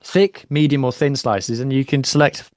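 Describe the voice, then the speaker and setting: A man's voice: fairly even intonation, moderate pace, no room sound. Man chatting, dry close sound. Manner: rambling, with fillers, rises in pitch when incredulous. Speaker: podcast co-host. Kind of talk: casual chat.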